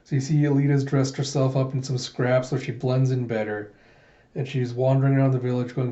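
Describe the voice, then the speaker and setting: A man casually reading through a comic, retelling each scene in a relaxed way with fillers. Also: mid-range voice, brisk. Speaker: reader of a manga readthrough. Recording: dull lo-fi recording.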